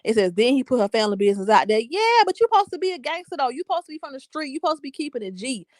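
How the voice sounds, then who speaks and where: Sassy young woman, bright voice, dry sound. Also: sits high, rapid-fire, dry recording. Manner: animated, sassy, emphatic. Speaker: livestream host reading comments. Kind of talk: casual commentary chat.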